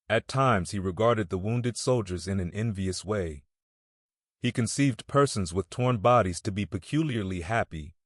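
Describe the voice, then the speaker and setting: A male narrator reads a classic novel aloud in a measured, steady manner. His voice sits low, and the sound is dry and close, with no room around it. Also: dry recording. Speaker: audiobook narrator. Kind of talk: audiobook reading of a classic novel.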